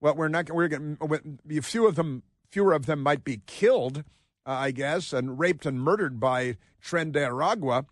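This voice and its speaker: A man hosting a casual talk radio show with a somewhat high pitch. He talks in a sarcastic, mocking way and rambles with lots of fillers. His voice sounds close and dry. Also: normal speed, no room sound.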